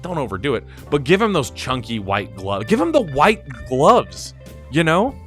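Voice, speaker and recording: Young male streamer, casual chatty commentary, sharp bright tone, light music bed. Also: fairly high pitch, wildly swooping pitch, moderate pace. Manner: enthusiastic, rambling, laughs and swears often. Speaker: stream host.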